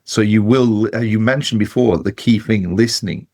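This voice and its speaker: A man who hosts a podcast and works as a therapist, speaking in a reflective, measured way and slowing down to stress his points. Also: fairly low pitch, a little mellow, dry recording, clean studio sound. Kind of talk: podcast interview.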